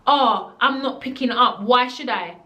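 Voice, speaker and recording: A woman's voice: on the high side, moderate pace, bright, forceful tone. Woman doing a taunting schoolboy bully. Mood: dismissive.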